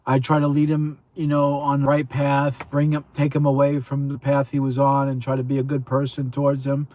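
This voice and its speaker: A man's voice: mid-range voice, completely flat delivery, a little fast, a little mellow. A tipsy man hosting a casual show, rambling in sing-song bursts and swearing freely. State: tipsy from drinking. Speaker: show host. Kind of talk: casual livestream chat.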